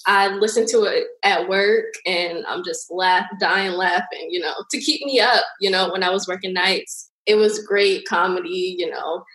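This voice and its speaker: A woman's voice: fairly low pitch, moderate pace, few pauses, reverberant, rough recording. A woman guest, a podcast listener, rambling in casual chat with plenty of fillers. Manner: rambling, warm praise with fillers.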